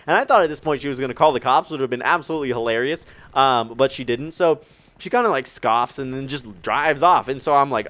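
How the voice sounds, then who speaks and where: A young man vlogging a storytime rant, animated and profane, rambling with lots of fillers. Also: on the high side, quick pace. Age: young adult.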